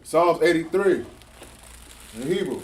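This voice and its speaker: A man's voice: fairly high pitch, lively intonation, unhurried, a crowd in the background. A man leading a call-and-response reading of prayers and psalms, stumbling and restarting on hard words. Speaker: prayer leader. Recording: echoey room with faint noise.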